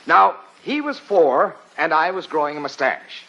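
A man's voice: on the high side, sing-song, measured pace, pushed and bright, full character voice. A man playing a pompous, easily flustered husband in a 1940s radio comedy, on a muffled old recording. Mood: blustering.

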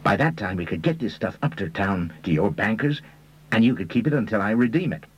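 Brash, scheming American con man, as a man puts him on, throwing out slang with a husky, low swagger and a voice that bounces up and down. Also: expressive, rough recording. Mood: eager. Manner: fast-talking slangy swagger.

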